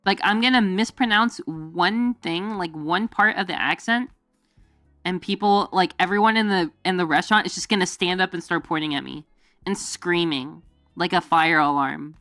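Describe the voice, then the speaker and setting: A young-sounding woman streamer rambles through a casual chat with her viewers, full of fillers and giggles. She keeps breaking into silly voices to act out her stories, and her voice sits close and dry with soft music behind it. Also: lowish voice, moderate pace, no echo. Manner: rambling, filler-heavy, giggly, jumps into goofy quoted voices. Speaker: VTuber streamer. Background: faint background music.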